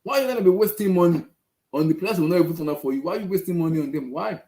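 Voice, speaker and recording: A man with a high-sitting, warm voice fires off words rapidly while hosting a football fan channel. His casual rant is frustrated, and he keeps repeating himself in exasperation. Echo fills the recording space.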